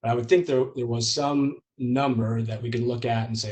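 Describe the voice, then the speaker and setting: A man gives a loose, chatty presentation over a video call. His voice sits at an ordinary middle pitch, and he often stops to say um and uh as he talks. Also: normal speed, hardly any pauses. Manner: relaxed, many filler ums. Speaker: user group presenter. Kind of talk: conversational presentation.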